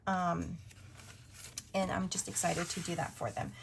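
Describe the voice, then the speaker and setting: Woman, thirties, chatty, upbeat, fillers, sometimes hushed, faint hiss. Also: on the low side, level tone, measured pace, creaky. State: partly whispering. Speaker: budgeting vlogger. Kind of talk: casual chatty narration over cash stuffing.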